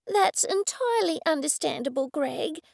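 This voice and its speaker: A woman voicing a sincere, eccentric hostess who speaks gently and earnestly. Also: high voice, expressive, moderate pace, gravelly, no echo, studio quality, pitched above the performer's own voice. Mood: consoling. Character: sincere, soothing eccentric woman hosting a dinner.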